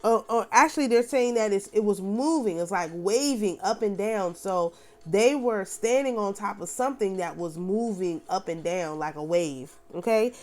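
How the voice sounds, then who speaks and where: A woman reading scripture aloud and breaking off to explain it in casual asides, slowing and rising for the chanted passages. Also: medium pitch. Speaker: spiritual teacher.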